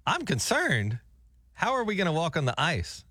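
A man co-hosting a radio show, easygoing and quick to laugh in casual banter. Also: fairly high pitch, wildly swooping pitch, bright, forceful tone, breathy edge, no room sound, clean studio sound.

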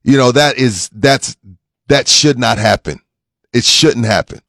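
A man in his forties hosting a sports radio show, talking in lively banter that turns loud and laughing when he gets riled up. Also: medium pitch, measured pace, dry recording, studio quality. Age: 40s. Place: radio studio. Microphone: studio mic.

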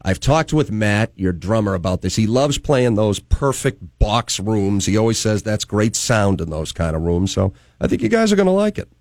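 A man's voice: fairly low pitch, big pitch swings, moderate pace, few pauses, a little mellow, no echo. A man from Boston hosting a morning talk radio show from the studio in an upbeat announcer delivery. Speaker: radio host.

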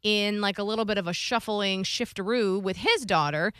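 Woman, middle-aged, casual chat, animated storytelling, bright tone, dry mic. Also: medium pitch, normal speed, smooth, no room sound. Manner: chatty, storytelling with animated quoted voices. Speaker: co-host.

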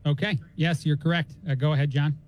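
A man's voice: on the high side, fairly even intonation, a little fast, poor audio. A man from New Jersey hosting a talk radio show from a home basement studio, rambling and chatty with lots of fillers. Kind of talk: casual talk radio chat.

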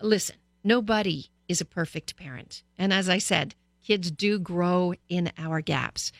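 Into a studio mic, this female radio host shares parenting tips with her audience, telling stories with plenty of energy. She speaks unhurriedly in a lowish voice, and there's no room sound.

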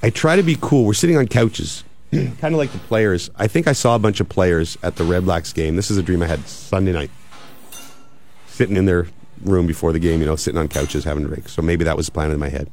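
Deep-voiced podcast host. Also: male voice, a little fast. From Canada. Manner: relaxed, rambling storyteller who reads ads conversationally. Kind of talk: casual chat.

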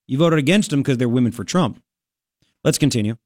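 A man hosting a political talk radio show, combative and sarcastic, talking fast and loose with frequent asides. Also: mid-range voice, animated, a little mellow, no room sound, studio quality.

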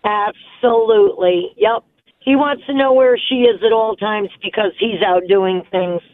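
A woman's voice: mid-range voice, measured pace, no echo. Woman caller over a tinny phone line. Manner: firm, emphatic opinions. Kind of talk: call-in radio opinion.

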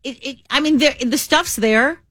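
A woman's voice: sits high, moderate pace, a bit bright, dry recording, studio quality. A woman co-hosting a radio show, speaking in casual, playful, teasing banter. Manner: playful, teasing, laughs often. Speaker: radio co-host.

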